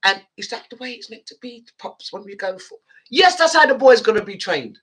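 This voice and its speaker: Woman host, passionate and heated, animated pitch and bright tone. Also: brisk, breathy edge. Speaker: radio show host. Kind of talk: impassioned show chat.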